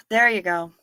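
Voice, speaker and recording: Slow-talking, bright-voiced woman streamer. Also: on the high side, dry recording, clean studio sound. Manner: chatty and wry, swears casually, breaks into giggles. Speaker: live stream host. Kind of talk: casual live-stream chat, reading viewer comments.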